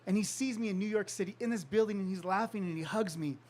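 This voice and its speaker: Guy from california telling a story to a crowd, high voice, acts out the people he quotes, laughs a lot. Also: quick pace, darkish tone. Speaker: author giving a talk. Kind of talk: storytelling talk to an audience.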